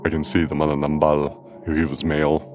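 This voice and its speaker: A tattoo practitioner telling a personal story in a calm, measured way. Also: male voice, extremely low pitch, faint music behind.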